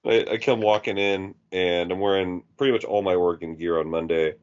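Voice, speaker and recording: A man's voice: low voice, steady tone, fairly quick, clear, resonant tone. A man co-hosting a podcast, telling profane stories in casual chat and laughing at his own jokes, from Eugene, Oregon. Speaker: podcast co-host. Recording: dull lo-fi sound.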